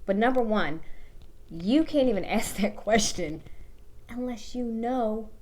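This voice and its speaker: A woman's voice: a little high, animated, measured pace, a little mellow. Blunt, profane woman giving dating advice. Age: 30s. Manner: blunt, profane, talks straight to the viewer. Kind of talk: casual advice monologue.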